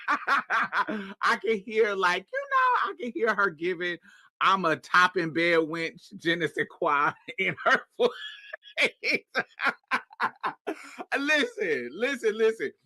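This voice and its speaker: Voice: mid-range voice, sing-song, slow pace, long pauses, pushed and bright, no room sound. A panel host gossiping in casual chat, sassy and laughing often.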